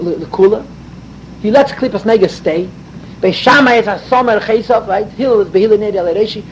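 A man's voice: sits high, dull audio, slight background noise. A man giving an emphatic Torah class, explaining mystical ideas and mixing in Hebrew and Yiddish terms. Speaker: rabbi teaching Torah.

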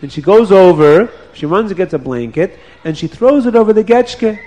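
Man, children's storyteller, animated, playful, high voice. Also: moderate pace, highs cut off. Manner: lively, playful, asks the children questions.

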